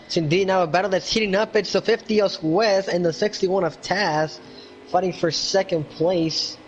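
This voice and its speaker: A man calling quick play-by-play as co-commentator on a sim racing broadcast. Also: high voice, steady tone, a little hiss or hum.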